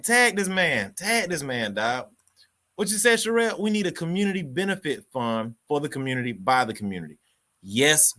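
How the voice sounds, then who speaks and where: Male livestream host, bright forceful voice, passionate ranter, talks back to chat. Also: medium pitch. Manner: passionate ranting, repeats himself, calls listeners dog. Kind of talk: live-stream commentary reading chat.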